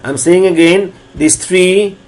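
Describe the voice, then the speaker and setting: A man lecturing on differential calculus, walking through each step slowly and repeating phrases as he explains. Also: sits high, darkish tone. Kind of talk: recorded math lecture.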